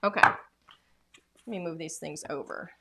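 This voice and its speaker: A woman's voice: low voice, slow pace, very noisy. A woman demonstrating craft products in a casual, chatty way, full of enthusiasm and filler words.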